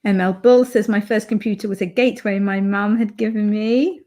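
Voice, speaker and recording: A woman's voice: mid-range voice, moderate pace, mellow. A woman from the UK hosting a live stream from home, chatting casually and reading viewer comments aloud with lots of fillers. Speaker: livestream host reading chat. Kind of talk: casual chat.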